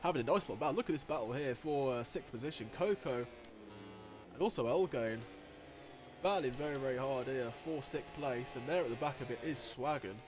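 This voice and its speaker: A man giving live commentary on an online motorcycle race, getting excitable and jumping high at the overtakes, with race engine noise behind him. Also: a little fast, over music. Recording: noisy with engine sounds behind. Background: racing game engine noise.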